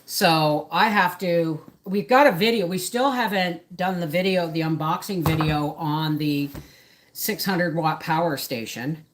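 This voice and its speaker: A woman's voice: on the low side, unhurried, noisy background. A middle-aged woman hosting a casual live stream from her home kitchen, rambling and jumping between topics as she chats. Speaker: homesteader livestream host.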